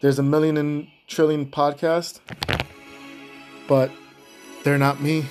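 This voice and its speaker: A young man hosts his own podcast in a slightly high, mellow voice, speaking slowly and flatly with faint music behind him. He chats casually and off script, rambling, swearing, and laughing often.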